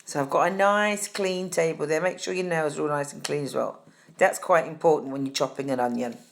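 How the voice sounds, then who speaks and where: A middle-aged woman hosting a deadpan comic tutorial, chatty and fussy, calling viewers darling. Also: low-pitched, fairly quick, gravelly. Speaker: host.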